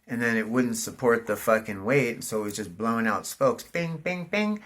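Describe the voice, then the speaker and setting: A man's voice: mid-range voice, moderate pace. Rambling, profane man telling a story. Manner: profane, rambling, says "dude" constantly; animated, voice jumps up in excitement. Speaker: vlogger. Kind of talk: casual storytelling monologue.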